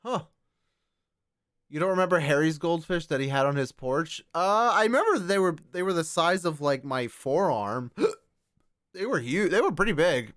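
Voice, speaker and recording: A man co-hosting a podcast, chatting casually and reading posts aloud with excited exclamations. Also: a little high, normal speed, no echo, studio quality. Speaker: podcast co-host. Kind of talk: casual chat reacting to posts.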